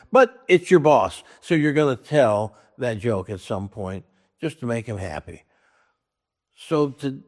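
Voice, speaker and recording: A man's voice: mid-range voice, vocal fry, a little mellow. A man telling a long joke in a folksy, casual way, with plenty of restarts, acting out each character's lines. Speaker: joke teller. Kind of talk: casual storytelling.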